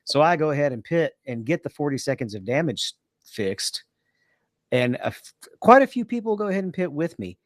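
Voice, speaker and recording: A man co-hosting a casual podcast, telling long, rambling race stories with quick asides. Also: on the high side, sing-song, dry recording, clean studio sound. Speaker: podcast co-host. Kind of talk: casual chat.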